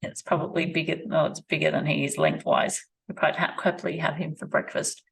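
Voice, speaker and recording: A woman, talking slowly and reflectively in a personal vlog, repeating her phrases as she thinks aloud at her rural home. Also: low-pitched, fairly even intonation, creaky, fairly bright tone, husky. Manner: slow, musing, repeats phrases. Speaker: vlogger. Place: rural home with animals nearby.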